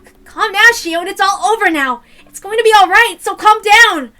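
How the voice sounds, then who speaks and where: An alarmed teenage boy, read by a woman calls out loudly and urgently, his voice raised high and bright. He tries to soothe a panicking friend in a storybook reading. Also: moderate pace. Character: alarmed teenage boy trying to calm others.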